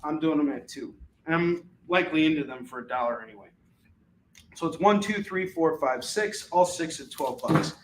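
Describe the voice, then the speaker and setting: A man's voice: fairly high pitch, expressive, moderate pace, reverberant, slight background noise, rough recording. A man hosting a live comic book sale from his home, chatting casually and laughing often as he counts off stacks of books. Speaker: host selling comics on a live stream. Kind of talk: casual live sales patter. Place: his home, with kids in the house.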